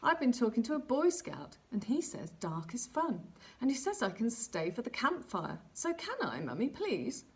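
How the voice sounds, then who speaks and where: A woman's voice: fairly high pitch, moderate pace, husky, heavily acted. A woman voicing an eager, chatty baby boy barn owl in a storybook reading. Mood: pleading. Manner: excited, pleading.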